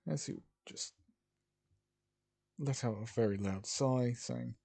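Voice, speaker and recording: A man's voice: medium pitch, slow pace, creaky, pauses often, warm tone. A man narrating an improvised fan story in a rambling way, with restarts and asides.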